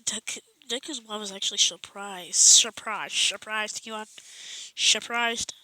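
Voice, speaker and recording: A woman's voice: medium pitch, fairly even intonation, moderate pace, bright, forceful tone, dry recording, rough recording. A woman casually improvising a fan story, rambling with many restarts and self-corrections.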